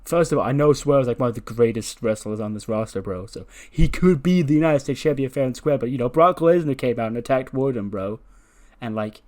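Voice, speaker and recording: A man's voice: mid-range voice, expressive, a little fast, hardly any pauses, darkish tone, natural voice. A man putting on the voice of a laid-back surfer-bro wrestler who drawls and says bro constantly.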